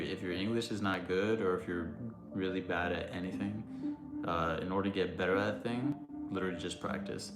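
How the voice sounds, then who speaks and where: A young man casually chatting on a livestream, answering chat in a loose, rambling way with lots of fillers. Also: deep voice. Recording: roomy sound with music behind.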